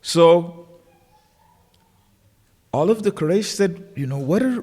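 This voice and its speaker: A man's voice: high voice, lively intonation, slow pace, warm tone, in a large hall. A man giving a religious lecture, telling a story and acting out the voices in the quotes. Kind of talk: sermon. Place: lecture hall of a learning center.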